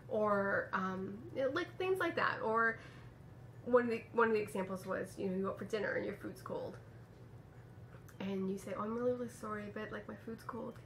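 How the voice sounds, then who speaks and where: A woman's voice: mid-range voice, a bit bright, slight background noise. A woman from Canada hosting a knitting podcast, chatting casually at home with fillers and restarts. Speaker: podcast host. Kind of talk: casual chat. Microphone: camera mic.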